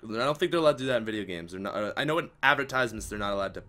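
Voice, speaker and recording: A man's voice: lowish voice, animated, rapid-fire, fairly bright tone. Joking young Canadian man gaming. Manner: joking, mimics game lines. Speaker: gamer playing a shooter. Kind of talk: casual gameplay commentary.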